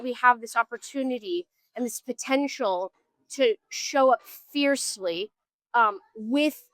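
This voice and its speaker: A woman musician talks thoughtfully and earnestly during an outdoor street interview, repeatedly trailing off and beginning again. The dry recording catches her slightly high, somewhat bright voice.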